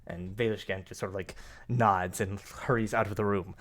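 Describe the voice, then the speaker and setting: Male game master, low-pitched, rambling live-stream narration. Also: steady tone, normal speed, fairly bright tone. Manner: rambling, full of fillers and hedges.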